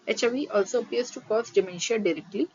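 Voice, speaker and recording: A woman giving a nursing exam-prep lecture. She reads terms steadily from her notes, then quickly re-explains them in a mix of Hindi and English. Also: fairly high pitch, darkish tone. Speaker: nursing teacher. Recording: slightly dull audio with faint noise.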